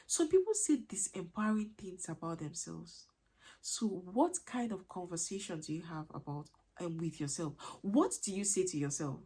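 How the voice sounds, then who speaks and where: An earnest woman coaching parents, her voice a little husky and breathy. She keeps circling back with rhetorical questions to press each point home. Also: lowish voice, lively intonation, moderate pace, warm tone. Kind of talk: motivational teaching talk.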